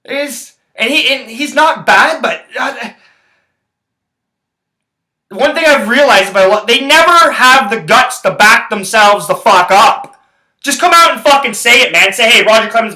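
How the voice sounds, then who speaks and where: A man's voice: high-pitched, moderate pace, bright, forceful tone, echoey room, rough recording. A man hosting his own podcast, ranting about sports in a rambling, profane, heated way. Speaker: podcast host. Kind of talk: casual sports rant.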